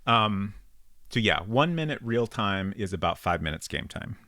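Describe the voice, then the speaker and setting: This is casual let's-play commentary from a man playing a vintage detective game, rambling aloud and saying um often while he figures things out. He has a lower voice with big swings in pitch, a moderate pace, and a sharp tone, recorded without echo.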